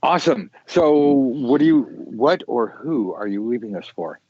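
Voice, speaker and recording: A man's voice: mid-range voice, expressive, measured pace, no room sound. A playful man hosts a casual talk show, joking and laughing between questions. The sound is dry and close, with no room around it. It is also dull, with a muffled lo-fi quality. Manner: jokey, playful, laughs often. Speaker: show host. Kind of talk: casual chat.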